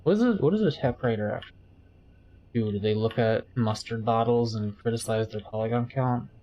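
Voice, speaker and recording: A man's voice: mid-range voice, a little fast, dark tone, dull audio. A man streaming a game, chatting casually in a rambling, jokey way while he reads chat.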